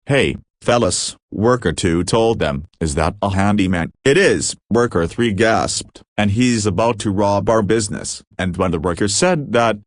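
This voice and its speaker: A man's voice: fairly low pitch, a little slow, hardly any pauses, no room sound, clean studio sound. A man reading a fan-made horror story aloud, with few changes of voice between the characters.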